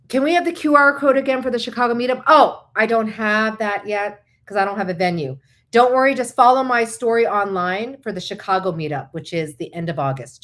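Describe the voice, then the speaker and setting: A woman who is a licensed counselor, hosting a live talk in a chatty, animated way and explaining with asides. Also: medium pitch.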